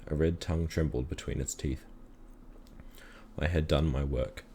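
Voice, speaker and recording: A man calmly reading a children's story aloud in a measured storytelling manner. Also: very deep voice, creaky, slight background noise. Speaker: reader.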